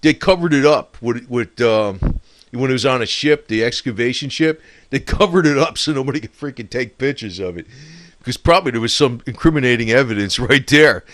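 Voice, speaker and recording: A man's voice: medium pitch, animated, fairly quick, a bit bright, no room sound. A man in a rambling, profane casual monologue, laughing often and talking with loose scorn. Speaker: political commentator.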